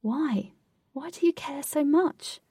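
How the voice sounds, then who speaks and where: Cheeky, impatient party girl, pitched up and louder, as a woman reads her. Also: slow, dry recording, studio quality, distant mic. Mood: bratty. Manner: bratty, impatient, giggly. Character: cheeky young party-loving woman Katy.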